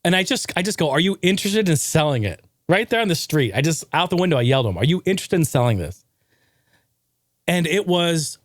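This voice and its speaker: A man in his thirties hosting his own podcast, telling a rambling, energetic story and swearing casually along the way. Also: on the high side, no echo, studio quality. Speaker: podcast host.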